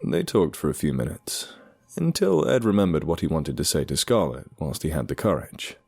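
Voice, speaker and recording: Deep husky male horror narrator. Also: big pitch swings, moderate pace. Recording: dark music underneath.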